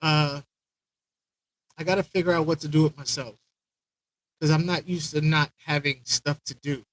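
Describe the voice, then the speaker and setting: A man's voice: a little high, fairly even intonation, normal speed, no echo, low-quality recording. A man hosting a live stream, chatting loosely with viewers, rambling and repeating himself as he greets them by name. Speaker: aquarium channel host.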